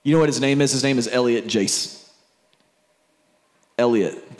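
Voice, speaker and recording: A man's voice: mid-range voice, unhurried. A man preaching a sermon, telling a family story in a conversational way and speaking to the crowd directly.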